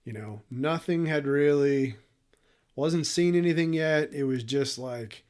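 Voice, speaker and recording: A man's voice: on the high side, measured pace, darkish tone. A man co-hosting a podcast, telling a story in a candid, emotional, profane way and laughing often. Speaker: podcast co-host. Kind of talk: casual storytelling chat.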